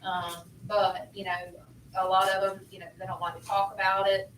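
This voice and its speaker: A woman's voice: mid-range voice, level tone, normal speed, a bit bright, a little hiss or hum. A woman adding remarks to a history class, speaking hesitantly with many fillers. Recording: echoey classroom, far from the mic.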